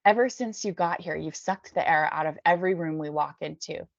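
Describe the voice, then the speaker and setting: A woman's voice: deep voice, fairly quick, vocal fry, no echo. A woman voicing a hostile teenage girl who speaks with contempt. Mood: contemptuous. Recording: dull dry lo-fi recording.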